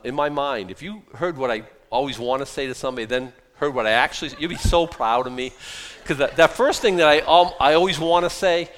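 A middle-aged man preaching a sermon in an easy, talky style, his voice leaping up high and loud, then dropping low and quiet. He delivers sarcastic asides and usually keeps a middle pitch. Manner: conversational, sarcastic asides, animated swings in pitch and volume. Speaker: pastor.

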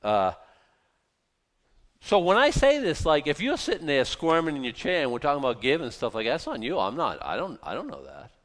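A man preaching a conversational sermon, animated and informal, with many fillers and restarts. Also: on the high side, brisk, in a large hall. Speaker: pastor.

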